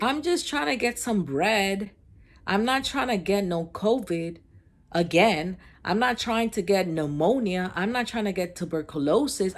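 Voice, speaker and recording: A woman vlogger telling a storytime, ranting in an animated, exasperated way. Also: mid-range voice. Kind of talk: storytime vlog.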